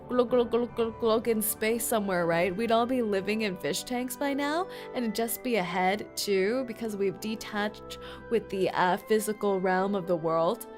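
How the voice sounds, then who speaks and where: A woman streaming a game, chatting in a giggly, playful, teasing way. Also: fairly high pitch. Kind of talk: game livestream commentary.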